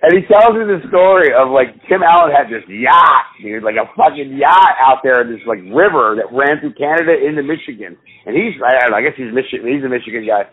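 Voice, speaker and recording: Man, husky voice, profane rambling storyteller, phone-like tinny sound. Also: mid-range voice, animated, fairly quick, few pauses. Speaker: podcast co-host. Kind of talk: profane casual chat.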